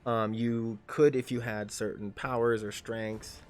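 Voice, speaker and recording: Excitable, foul-mouthed man running a tabletop game. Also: on the low side, measured pace. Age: 30s. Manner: excitable, swears constantly, shouts his character's battle cries. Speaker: game master and player. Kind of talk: narrating a tabletop game on a livestream.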